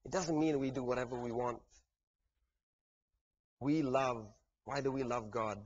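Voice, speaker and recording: A man preaching a sermon earnestly, building to fervent peaks and dropping to soft, quiet lines. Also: mid-range voice, moderate pace, long pauses, lo-fi sound.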